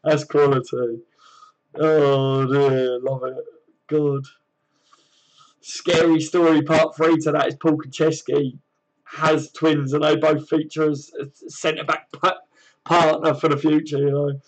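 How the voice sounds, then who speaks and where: A fairly high-voiced man, casually chatting on his live stream. He reads out viewers' comments and answers them in an easygoing, slang-filled way. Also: little pitch movement, slow, poor audio. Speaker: host of a fan live stream.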